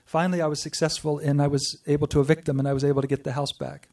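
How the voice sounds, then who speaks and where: A man giving an earnest personal testimony to a group, telling his story with pauses and restarts. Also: on the high side, level tone, a little mellow, far from the mic. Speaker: speaker sharing a personal spiritual story.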